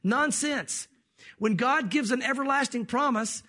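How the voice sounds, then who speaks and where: A man's voice: high voice, lively intonation, fairly quick, a bit bright. A pastor delivering a sermon to his congregation in an earnest, conversational preaching manner, speaking directly to his listeners. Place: church service.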